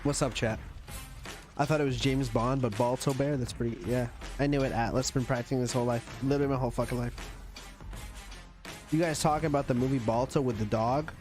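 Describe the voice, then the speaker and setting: A man's voice: medium pitch, fairly even intonation, brisk, darkish tone. A man streaming live, chatting casually and profanely with his viewers. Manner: joking, profane, addresses chat. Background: stream audio and music.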